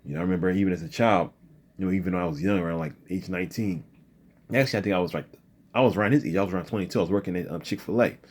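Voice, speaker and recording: A man's voice: low voice, very fast, darkish tone. A man from the area, giving an earnest commentary monologue and tagging his sentences with "okay?" and "you know.". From Philadelphia area, USA. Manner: frequent "okay?" and "you know" tags, restarts. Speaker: video commentator.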